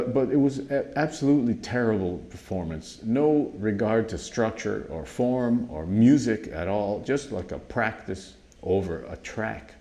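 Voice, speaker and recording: Brief: man, drum teacher, lower voice, animated storytelling with frequent restarts. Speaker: drum instructor. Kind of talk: casual storytelling monologue.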